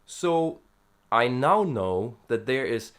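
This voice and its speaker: In a casual singing-lesson vlog, a vocal student from Europe discusses vocal technique with lots of hesitation and fillers, now and then demonstrating brief sounds. He speaks slowly at a medium pitch in a sing-song way.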